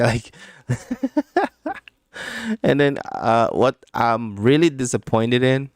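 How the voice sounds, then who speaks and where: A man's voice: on the low side, smooth, dry recording, studio quality. A man hosting a casual live stream about crypto trading, rambling, laughing often and swearing freely. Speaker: crypto trading livestream host.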